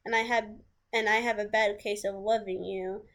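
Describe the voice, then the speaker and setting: A man's voice: high-pitched, little pitch movement, normal speed, a bit bright. A woman mocking a sleazy, pushy young man. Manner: mocking funny voice.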